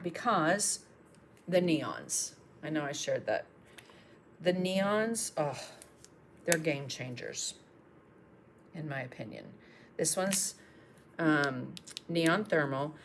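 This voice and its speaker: A woman's voice: low-pitched, creaky, a little hiss or hum. A woman, chatting and encouraging while she demonstrates painting on a livestream.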